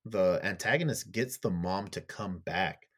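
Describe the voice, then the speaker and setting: A podcast co-host with a low-pitched voice talks a little slowly. On a casual podcast, he animatedly retells a TV plot, rambling along with plenty of fillers and casual swearing.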